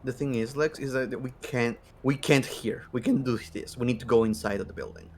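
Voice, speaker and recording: Man player, halting, restarts, mid pitch, faint background hum. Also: fairly even intonation, a little mellow. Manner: halting, restarts while planning. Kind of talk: casual game table chat.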